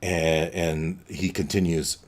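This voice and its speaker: Slow, deep-voiced male game master. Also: little pitch movement, a little hiss or hum. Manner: halting, many restarts, casual. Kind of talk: narrating a tabletop game.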